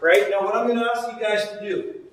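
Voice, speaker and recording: A man coaching goalies through a juggling drill, calling out repeated cues with steady energy. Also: high-pitched, fast, slight background noise. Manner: energetic, repetitive cueing. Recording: very echoey, distant mic.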